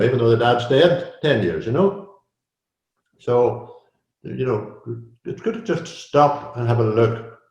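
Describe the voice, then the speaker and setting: A man's voice: medium pitch, darkish tone, muffled recording. An older man talks casually about coaching. He is chatty, repeats phrases and scatters "you know" through his speech, and his voice sits in the middle of the male range. The room around him sounds echoey. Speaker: executive coach, guest. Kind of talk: casual interview conversation. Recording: roomy echo.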